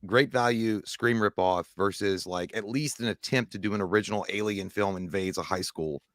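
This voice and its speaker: A man's voice: on the low side, normal speed, no echo, clean studio sound. A man co-hosting a live-stream show, rambling and blunt, with plenty of swearing. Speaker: co-host. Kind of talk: casual live-stream chat.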